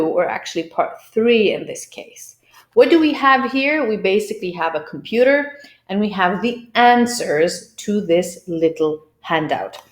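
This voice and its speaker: A woman teaching English pronunciation, explaining clearly and drilling words by repeating them. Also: fairly low pitch. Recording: roomy echo.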